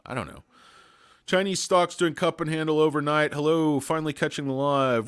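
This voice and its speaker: On the high side and fairly bright, this man talks at a normal speed with plenty of animation. He hosts a relaxed stock stream, rambling on with crude asides while welcoming chat viewers by name.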